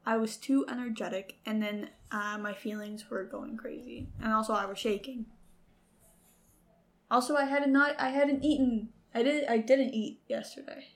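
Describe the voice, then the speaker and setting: A woman's voice: on the high side, steady tone, normal speed. A young woman chatting casually on a podcast in a bedroom, giggly and rambling. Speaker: podcast co-host. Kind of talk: casual chat.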